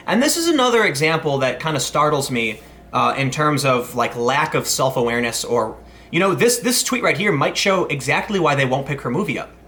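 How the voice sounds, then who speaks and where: A man's voice: on the high side, expressive, brisk, fairly bright tone, a little hiss or hum. A man in his thirties hosting a casual commentary vlog, rambling with many restarts and asides. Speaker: commentary host.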